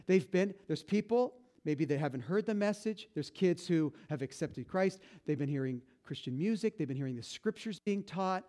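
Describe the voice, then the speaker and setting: High-voiced pastor preaching casually. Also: male voice, darkish tone. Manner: conversational, self-interrupting, joking with the congregation. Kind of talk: sermon. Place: church.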